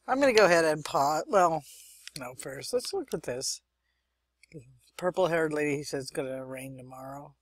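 A woman's voice: sits low, lively intonation, moderate pace, no echo. A young woman hosting a let's-play, chatting and thinking aloud as she plays, with muttered asides. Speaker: gaming channel host. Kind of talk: let's-play game commentary.

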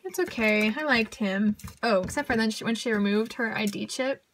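Bubbly high-voiced young woman gushing. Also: slight background noise. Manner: bubbly, gushing, quick asides and giggles. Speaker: book reviewer. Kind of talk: casual book review vlog.

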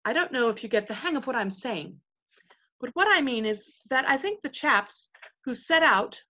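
A woman's voice: high-pitched, big pitch swings, normal speed, bright, forceful tone, muffled recording, pitched above the performer's own voice, heavily acted. A woman voicing a male sailor who speaks earnestly and bluntly to the crew. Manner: earnest and plain-spoken.

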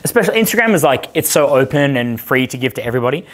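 A man in his thirties talks to a live audience as a dating coach, loose and brash, his speech full of swearing and anecdotes. His pitch sits in an ordinary middle range for a man. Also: sing-song, rapid-fire. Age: 30s. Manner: brash, profane, storytelling. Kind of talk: casual seminar talk with audience questions.

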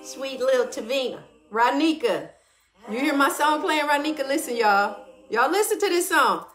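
A woman hosting a casual morning live stream. She greets viewers by name and hypes them up, then turns slow and reflective when reading her notes. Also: high voice, animated, fairly bright tone, reverberant, faint music behind.

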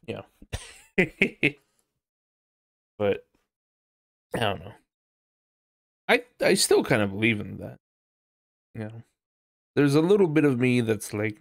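Low-voiced guy rambling on his podcast, swears a lot, laughs at himself, dead dry sound. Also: unhurried, creaky, long pauses, no echo. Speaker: podcast host. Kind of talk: casual solo podcast chat.

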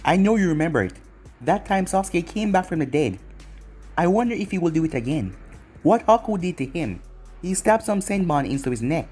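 A reader voicing a cruel young male ninja villain in a fan fiction story, with a taunting, mocking husky delivery. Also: mid-range voice, sing-song, fairly quick, a little mellow, faint music behind.

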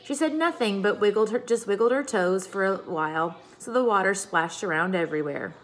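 A woman teacher reading a chapter book aloud to her class, expressive and engaging. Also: mid-range voice, brisk.

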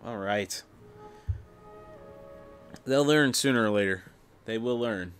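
A man's voice: fairly low pitch, takes it slowly, a bit bright, faint music behind. A young man casually commenting on his gameplay, muttering, swearing in frustration, his voice cracking. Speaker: gameplay streamer.

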